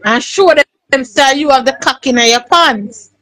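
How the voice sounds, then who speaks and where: A woman's voice: sits high, normal speed, fairly bright tone, dry recording, rough recording. A woman giving casual commentary in a scolding, lecturing way.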